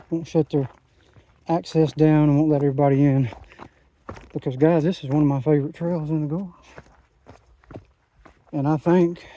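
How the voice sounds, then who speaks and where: A man's voice: a little high, dark tone. A man, talking in a rambling, enthusiastic way into his phone while out hiking a mountain trail. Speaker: hiking vlogger. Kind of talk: casual trail vlog. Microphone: phone camera.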